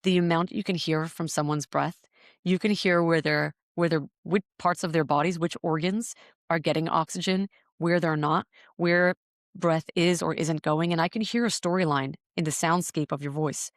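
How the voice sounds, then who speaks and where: Her deep voice holds fairly even intonation at a moderate pace as this podcast guest, a breathwork teacher, reflects on her story. She often repeats words while thinking, in an earnest, searching manner. The studio sound is clean, with no room sound.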